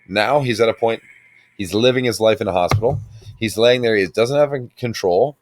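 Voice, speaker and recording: A man's voice: fairly low pitch, normal speed, slight background noise. A man in his twenties in casual podcast chat, blunt and emphatic, swearing freely. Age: 20s.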